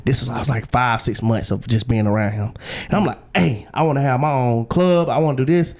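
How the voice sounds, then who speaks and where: A young man with a mid-range voice tells a long personal story as a guest in a casual interview. He talks fairly quickly, slangy and animated, often acting out what other people said.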